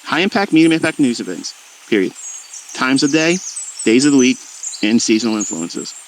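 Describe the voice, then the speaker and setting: A man's voice: mid-range voice, lively intonation, moderate pace, a little hiss or hum. A middle-aged man who teaches trading, speaking to his viewers in a fervent, preachy monologue with emphatic repetition. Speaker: trading educator.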